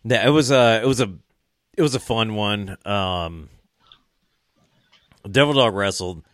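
A man's voice: fairly low pitch, unhurried, fairly bright tone, dry recording, studio quality. Rambling, laughing guy on a podcast. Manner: rambling, laughs often, swears freely. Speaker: podcast guest. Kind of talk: casual podcast chat.

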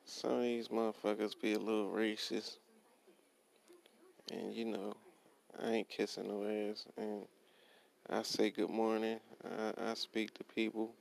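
A young man rants bluntly about his workday in a low, gravelly voice. His pitch barely moves, so the swearing comes out flat and steady. He keeps repeating himself and quoting his own comebacks. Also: a little hiss or hum, poor audio. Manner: blunt, profane, repetitive, quotes himself. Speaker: worker ranting about his job. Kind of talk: profane casual rant.

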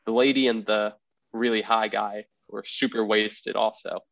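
A man hosting a podcast, telling a story in a rambling, animated way and acting out the people he quotes. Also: on the low side, normal speed, creaky, dull audio. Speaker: podcast host. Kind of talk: casual storytelling chat.

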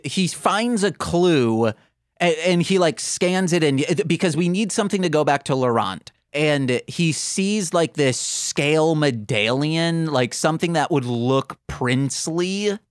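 A man's voice: fairly high pitch, lively intonation, measured pace, smooth, no echo, studio quality. A man co-hosting a podcast, riffing jokey ideas in casual chat. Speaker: podcast co-host.

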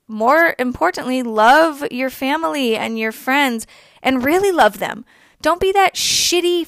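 A woman's voice: sits high, a bit bright, no room sound. A young woman co-hosting a podcast, ranting emphatically in a heated personal monologue, swearing freely. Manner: emphatic, swears freely, laughs between points. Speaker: podcast co-host.

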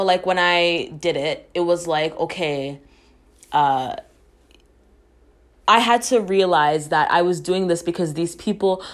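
A woman hosting a podcast, giving an earnest, encouraging monologue with candid talk and frequent swearing. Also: lowish voice. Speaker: podcast host. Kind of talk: casual reflective monologue.

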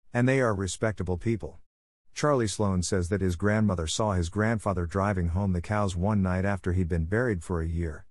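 A man's voice: deep voice, a little mellow, dry recording, clean studio sound. A man voicing an imaginative, eager orphan girl of about eleven, talking in a breathless, dramatic rush.

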